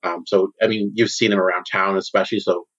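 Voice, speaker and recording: A man's voice: low-pitched, steady tone, fast, a bit bright. A man narrating a tabletop game as game master, casual and full of fillers. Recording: dull lo-fi sound.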